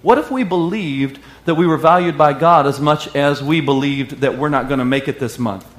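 Guy preaching a sermon, call and response, kinda high voice, room echo. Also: normal speed. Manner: animated preaching with call-and-response and sung lines. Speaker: pastor. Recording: echoey room.

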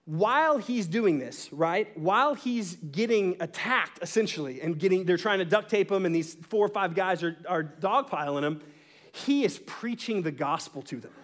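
High-voiced man preaching. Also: normal speed. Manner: animated storyteller, asks "right?" often, laughs mid-story. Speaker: pastor. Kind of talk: sermon with storytelling.

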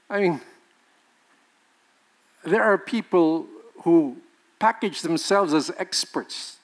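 A man's voice: a little high, drawn-out words, pauses often. A male pastor, preaching a sermon with emphatic rhetorical questions and laughing with the congregation.

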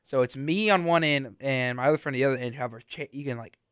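A man's voice: mid-range voice, fast, a bit bright, clean tone, no room sound, studio quality. Chatty young man hosting college radio. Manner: rambling, filler-heavy, laughs often. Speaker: college radio podcast host. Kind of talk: casual chat. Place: small radio studio.

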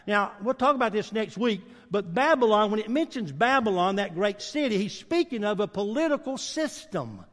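Brief: male preacher, high-pitched and animated, emphatic sermon delivery, long church-hall reverb. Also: moderate pace, hardly any pauses. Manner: rises to loud emphatic preaching, drops to low intense tones.

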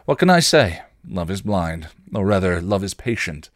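Spike the sardonic vampire, as a man puts him on, speaks in a deep hushed purr with a patchy British accent. The delivery is close and dry, sly even when it turns tender. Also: normal speed, dry recording. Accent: British, only in patches. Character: wry male vampire, sardonic charmer.

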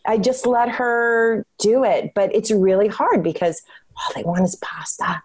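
A woman's voice: mid-range voice, unhurried, a little mellow. A woman who is a podcast guest, speaking earnestly in a casual conversation and often repeating words for emphasis.

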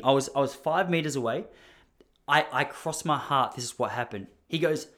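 A young Australian man telling a story in a casual, mock-indignant monologue. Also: moderate pace. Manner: animated, mock-indignant, jumps up high when acting out others.

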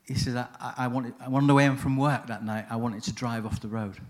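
A man gives a conference talk and drifts into a personal story. He talks casually, restarts his sentences and keeps it anecdotal, his voice sitting at an ordinary pitch. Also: fairly even intonation, brisk. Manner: chatty, self-interrupting, anecdotal. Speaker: seminar speaker on chaplaincy.

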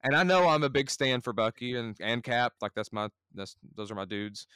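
A man chatting casually on a podcast, excitable and full of "like"s. His voice is smooth and resonant. The sound is dry and close to the mic. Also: medium pitch, normal speed, no room sound. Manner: excitable fan, lots of "like". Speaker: podcast co-host. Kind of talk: casual chat.

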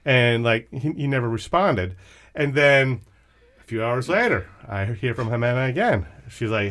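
A man hosting a podcast, telling a story about an old friend in animated, casual chat, swearing and restarting often. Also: mid-range voice, moderate pace. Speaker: podcast host.

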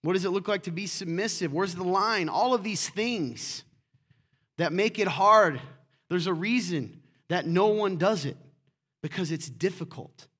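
A middle-aged man preaching a sermon as pastor, lively and acting out quoted voices. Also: high voice, a little slow, husky.

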